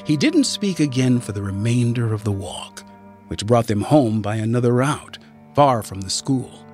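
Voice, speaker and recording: A man reading a story aloud, with expressive, deliberate narration. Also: medium pitch, faint music behind. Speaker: reader.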